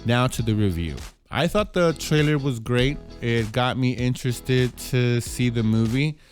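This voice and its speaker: A man giving a casual spoken movie trailer review, halting often with restarts and repeated words. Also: medium pitch, soft background music.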